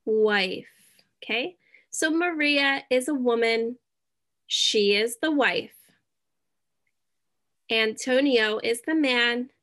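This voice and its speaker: A woman teaching a beginner English lesson, speaking deliberately, checking in often and dropping in Spanish words. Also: on the high side, a bit bright. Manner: slow, deliberate, checks in with "okay?".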